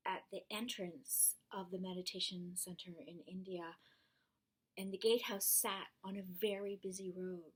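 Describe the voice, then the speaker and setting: A woman tells a personal story in a relaxed, conversational manner, with fillers and asides. Her voice sits at an ordinary middle pitch and often sinks into a soft, breathy near-whisper before coming back up. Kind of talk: casual spoken storytelling.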